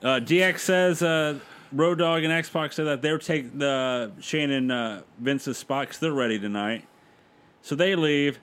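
A man's voice: fairly high pitch, measured pace, fairly bright tone, clean tone. A man casually recapping events play by play on a podcast, laughing along with his co-host.

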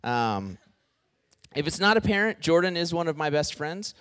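Animated young man giving a sermon. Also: fairly high pitch, normal speed, clear, resonant tone. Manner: conversational and animated, addresses the group as "y'all" and "guys". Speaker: campus ministry speaker. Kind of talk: casual sermon to a student group.

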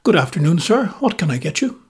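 A polite, efficient barman who speaks courteously in a husky voice, as a male storyteller puts him on. A small figure in an audio story. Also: a little high, sing-song, fairly quick, pitched above the performer's own voice, exaggerated voice.

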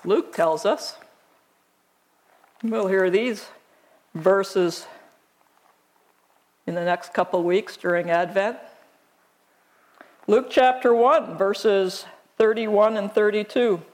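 A woman pastor delivers a sermon at an unhurried, measured pace. She lingers on each phrase and leans into the scripture she reads aloud, her pitch sitting in an ordinary middle range. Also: a little mellow. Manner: slow, deliberate preaching with emphatic scripture reading.

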